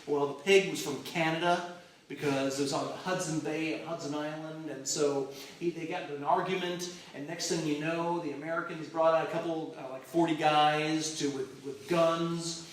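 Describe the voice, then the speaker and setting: A man preaching a sermon, telling stories in a lively, joking way with asides and restarts. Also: a little high, moderate pace. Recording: echoey hall from far off.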